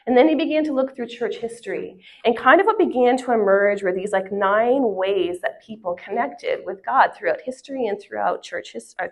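A woman gives a church teaching talk to a live group. She is conversational and easygoing, puts questions to the listeners and waits for their answers. Her voice sits at an ordinary middle pitch. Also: creaky. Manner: conversational, asks the audience questions. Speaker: women's ministry speaker. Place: church hall with a live audience.

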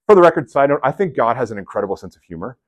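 A man giving a sermon in a conversational, animated storytelling way, with casual asides to his listeners. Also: medium pitch, rapid-fire. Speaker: preacher.

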